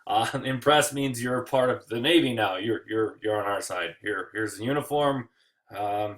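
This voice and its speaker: A man's voice: medium pitch, moderate pace, fairly bright tone. A man teaching history in a casual recorded lecture, joking often and talking loosely with many fillers.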